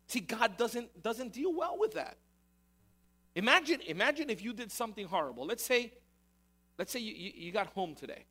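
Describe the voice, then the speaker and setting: High-voiced man preaching a sermon. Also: big pitch swings, moderate pace, long pauses, sharp tone. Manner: repetitive, emphatic preaching with rhetorical questions. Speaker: pastor.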